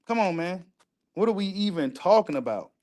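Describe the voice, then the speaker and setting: A man's voice: high-pitched, animated, moderate pace, a little mellow. A man giving casual reaction commentary, repeating phrases and swearing for emphasis. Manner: repetitive, emphatic, profane street talk. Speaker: host reacting to video.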